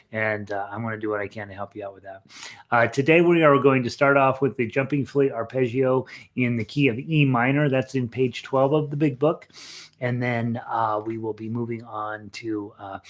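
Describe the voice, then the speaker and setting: A man teaches a ukulele class in a loose, conversational way, rambling and restarting his sentences. His pitch sits in an ordinary middle range, and an instrument can be heard in the background. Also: a bit bright. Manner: rambling, chatty, full of fillers and restarts; sings rhythms with "bum" syllables. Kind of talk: casual live music lesson.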